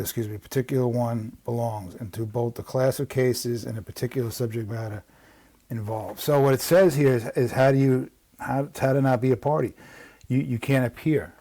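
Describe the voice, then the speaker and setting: A man's voice: medium pitch, dark tone, no echo. A man with a New York accent, reading out legal text and explaining it in a conversational way. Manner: conversational, with frequent restarts and asides. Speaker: legal strategy instructor.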